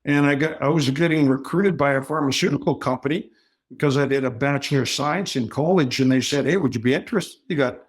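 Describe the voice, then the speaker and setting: A man in his sixties telling stories as a podcast guest, jokey and animated, acting out other people's voices as he goes. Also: medium pitch, fast. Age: 60s. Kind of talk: casual storytelling.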